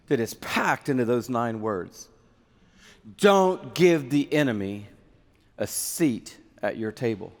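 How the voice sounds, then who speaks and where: A man preaching a sermon in an earnest, conversational way, with a long hall reverb behind him. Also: on the high side.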